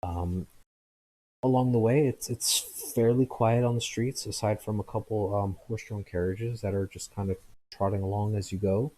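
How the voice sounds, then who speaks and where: Man, game master, very low voice, husky, hesitant narration, lots of fillers. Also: fairly even intonation, normal speed, warm tone, low-quality recording.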